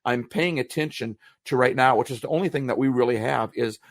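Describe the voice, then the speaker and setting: Gravelly guy on a podcast mic, earnest and reflective, dry close sound. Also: medium pitch, fairly quick, dry recording. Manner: earnest, reflective, repeats phrases when searching for words. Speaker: podcast co-host. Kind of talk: motivational podcast talk.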